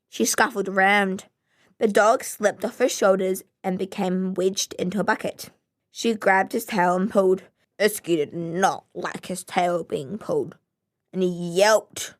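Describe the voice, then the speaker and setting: A woman narrating a children's storybook at an unhurried, deliberate pace. Her reading is expressive and measured, with a mid-range voice. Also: mid-range voice. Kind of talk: children's story read aloud.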